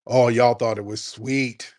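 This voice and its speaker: A man hosting a talk radio show, ranting in a combative, mocking, animated way. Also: medium pitch, unhurried. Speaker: radio host.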